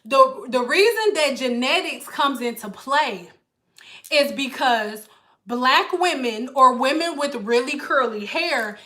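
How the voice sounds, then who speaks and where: A female hair stylist talks to her live audience in a high voice, taking her time. Her manner is blunt and lively, with plenty of swearing and playful, exaggerated voices.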